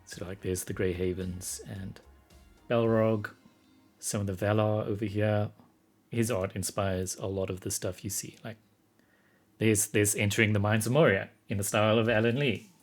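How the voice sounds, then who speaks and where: A man streaming live as an artist, thinking aloud in casual commentary, getting excited and laughing often. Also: on the low side, moderate pace, soft background music.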